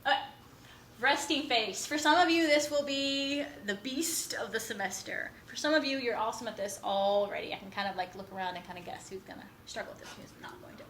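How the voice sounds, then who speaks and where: A woman instructor lectures at a rapid clip, bright and energetic, tagging her points with "right?". She is recorded in an echoey classroom with a faint hum of noise behind her. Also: a little high. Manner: fast-talking, animated, keeps asking "right?".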